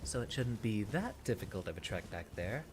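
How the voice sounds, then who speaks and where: A man streams a video game as a VTuber, chatting with viewers in a playful, theatrical way while giving casual gameplay commentary over game music. His lowish voice is very animated and fairly quick, with background noise present.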